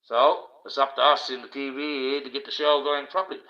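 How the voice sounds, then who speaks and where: A man hosts a livestream, talking in a rambling, preachy way that turns blunt and profane. His voice is bright and forceful. The audio is dull and lo-fi, like a webcam or phone mic. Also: medium pitch, flat delivery, brisk. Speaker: livestream host. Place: indoors, wearing a mask.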